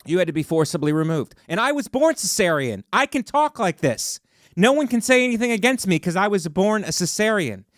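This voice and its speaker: A man's voice: high-pitched, sing-song, a little fast, dry recording, studio quality. A man in his forties hosting a podcast alone, ranting sarcastically and building to mock outrage. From Ohio. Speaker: podcast host. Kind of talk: solo comedic rant. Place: podcast studio.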